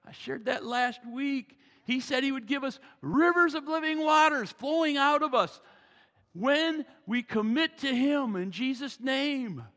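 Brief: male pastor, high bright voice, gravelly edge, folksy sermon in a reverberant hall. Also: measured pace. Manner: animated, folksy, joking asides. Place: church sanctuary. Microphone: wearing a mic.

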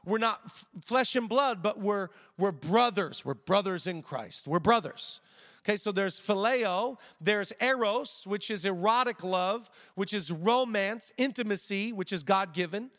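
A man in his thirties preaching a sermon as a pastor, energetic, slowing down to stress key lines and tossing in joking asides. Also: high voice, big-room sound. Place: church auditorium.

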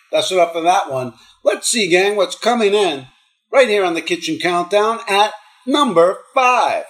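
Sarcastic man hosting a comedy countdown. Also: sits high. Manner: sarcastic, mocking, profane asides. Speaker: host of a comedy countdown show. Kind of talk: comedic news commentary.

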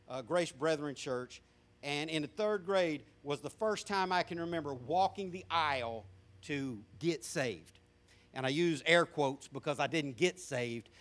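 A man's voice: a little high, a bit bright. A middle-aged man with a Southern US accent, a pastor telling his testimony in a folksy sermon with frequent restarts. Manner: folksy storytelling with repeated restarts. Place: church sanctuary with congregation.

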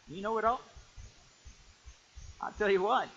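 A male pastor preaching a sermon emphatically, rising to shouts and calling for amens. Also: high-pitched, sing-song, fast talker, long pauses, highs cut off. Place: church.

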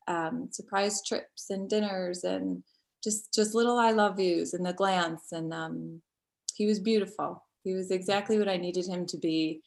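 A middle-aged woman recounting a personal story as an interview guest, halting and tender with many pauses and restarts. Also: fairly low pitch, creaky.

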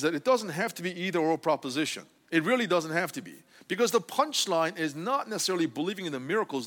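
A man delivering a conversational sermon in a church sanctuary. His voice sits fairly high and swings widely in pitch, and he keeps checking in with the congregation as he explains. A long hall reverb trails after his words. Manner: animated, often asking the congregation "right?". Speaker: preacher.

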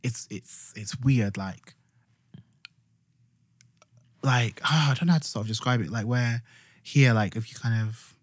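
A man's voice: mid-range voice, a little slow, pauses often, slightly rough, no room sound. A young man with a Yorkshire accent, co-hosting a podcast in casual chat, rambling with many fillers and restarts as he retells stories. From Yorkshire, England. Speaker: podcast co-host.

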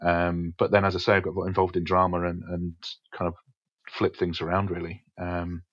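An English man, a stand-up comedian, frankly recounting his teenage years in a podcast interview, swearing casually and pausing with fillers. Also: sits low, completely flat delivery, fairly bright tone, dry recording. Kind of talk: candid interview storytelling. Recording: dull, dry podcast audio.

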